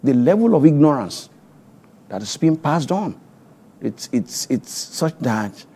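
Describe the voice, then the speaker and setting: A man's voice: medium pitch, unhurried, husky. A middle-aged man with a Nigerian English accent, a veteran broadcaster on a studio panel who tells stories with lots of restarts. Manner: animated, storytelling, many restarts.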